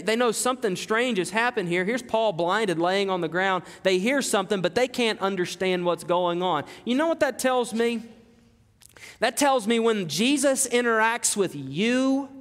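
High-voiced preacher in a reverberant hall. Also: male voice, a bit bright. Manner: emphatic, repetitive preaching with rhetorical questions. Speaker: pastor. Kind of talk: sermon.

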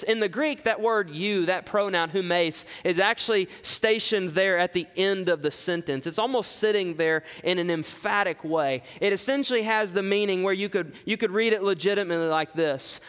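A man preaching an expository sermon, reading scripture dramatically and dropping low for asides. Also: normal speed, few pauses, fairly bright tone, smooth, big-room sound. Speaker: pastor.

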